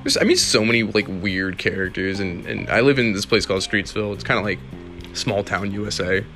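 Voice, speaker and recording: Rambling, profane and easygoing, the young host of a casual solo podcast laughs frequently while talking. He speaks fairly fast in a lowish, fairly bright voice, and faint music plays in the background.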